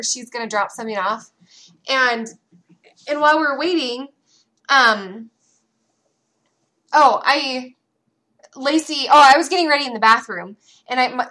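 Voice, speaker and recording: A woman in her thirties co-hosting a casual parenting chat, telling lively stories about her kids. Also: fairly high pitch. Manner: animated storyteller, acts out her kids' voices. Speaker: podcast co-host.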